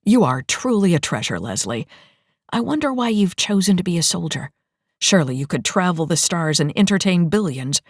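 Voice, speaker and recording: A man's voice: high voice, sing-song, moderate pace, no echo, studio quality, heavily acted. A woman reading an audiobook, voicing a cruel male dictator who speaks in a smug, taunting way. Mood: smug menace.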